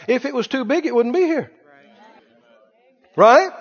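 Emphatic high-voiced male preacher. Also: big pitch swings, normal speed, long pauses, breathy edge. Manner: emphatic, with call-and-response questions to the congregation. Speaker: pastor. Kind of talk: sermon. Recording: dull echoey church recording.

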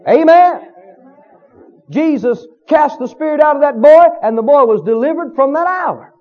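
A man's voice: very high voice, animated, normal speed, dull audio. A man preaching a sermon with emphasis, often asking the congregation questions.

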